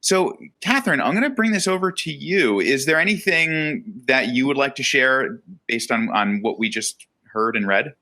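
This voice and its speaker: A man hosting an educational webinar, talking in a relaxed way with lots of fillers. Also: mid-range voice, moderate pace. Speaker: webinar host.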